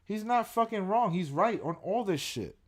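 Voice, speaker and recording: A man's voice: high-pitched, animated, normal speed. A man streaming and ranting casually, profane and repetitive as he reacts. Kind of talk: casual ranting livestream commentary.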